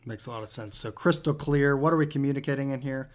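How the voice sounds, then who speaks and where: A man's voice: medium pitch, fast talker. A man hosting an interview, summing up his guest's points before asking the next question. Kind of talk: conversational business interview.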